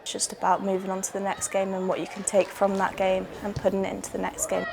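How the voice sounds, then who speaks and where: A woman footballer giving a measured interview about her team's matches, with frequent pauses and fillers. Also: medium pitch, monotone, gravelly. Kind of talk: post-match interview reflection. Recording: music bed and crowd noise behind.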